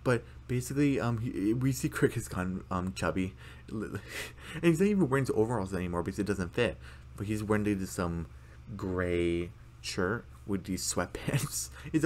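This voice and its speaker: A man with a fairly low voice talks through a cartoon episode in a loose, casual recap. He rambles, full of fillers and restarts. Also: lively intonation, moderate pace, a little mellow. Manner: rambling, many fillers, acts out characters' lines. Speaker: video commentator.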